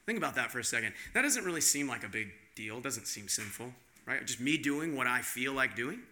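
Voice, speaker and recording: A man's voice: mid-range voice, expressive, a little fast, sharp tone. A male pastor giving a conversational sermon, posing rhetorical questions to the congregation.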